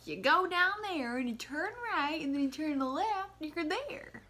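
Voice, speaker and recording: A woman's voice: sits high, expressive, measured pace, bright, forceful tone. A woman in her twenties, chatty and giggly, talking to viewers in a casual travel vlog. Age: 20s. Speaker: vlogger. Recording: noisy handheld recording with ambience.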